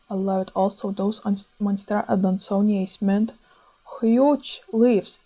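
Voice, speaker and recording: A young woman with a Lithuanian accent, chatting excitedly over her own plant shopping footage with small grammar slips. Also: medium pitch, low-quality recording. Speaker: plant vlogger.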